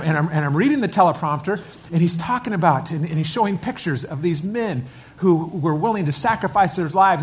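A pastor from the United States preaching a sermon, telling a story and building to emphatic, rising lines. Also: male voice, on the high side.

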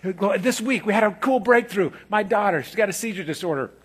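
A middle-aged man preaching a sermon as pastor, moving from quiet, intimate stretches to loud, emphatic ones. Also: high-pitched, animated, a little fast, slightly rough.

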